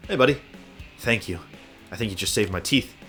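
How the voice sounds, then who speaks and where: A man's voice: fairly low pitch, expressive, a little fast, fairly bright tone, faint music behind. An actor voicing a flamboyant young man in a video game, a hero-obsessed fan who talks in grand, theatrical phrases. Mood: grandiloquent. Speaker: game character.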